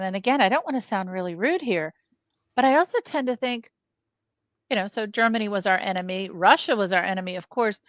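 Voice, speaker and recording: A woman's voice: medium pitch, fairly bright tone, no echo. A woman co-hosting a film club, thinking aloud in casual talk and addressing the live chat. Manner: thoughtful, speaks to chat, musing asides.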